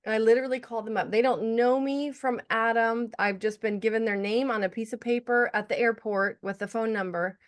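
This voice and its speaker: A woman hosting a podcast, telling stories in an enthusiastic, animated way. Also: fairly high pitch, a little fast, hardly any pauses. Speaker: podcast host. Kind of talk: casual interview talk.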